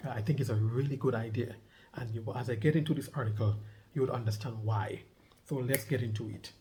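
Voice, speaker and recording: A man's voice: mid-range voice, fairly quick, mellow. A middle-aged man vlogging, reading a news article aloud and breaking off to comment, repeating key points with emphasis. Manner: emphatic, repeats key points, asks listeners to underline words.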